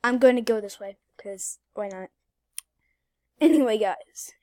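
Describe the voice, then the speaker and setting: A young woman giving casual, excitable commentary over her gameplay, repeating phrases and jumping between hushed whispers and loud outbursts. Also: mid-range voice, a little slow, no room sound, clean studio sound. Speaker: gaming YouTuber.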